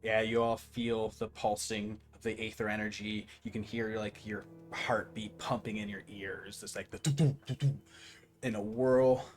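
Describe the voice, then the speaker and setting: Uomo rilassato che fa da master, con musica di sottofondo. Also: male voice, fairly low pitch, moderate pace, faint music behind. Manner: relaxed, swears casually. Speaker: game master. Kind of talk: narrating a tabletop game.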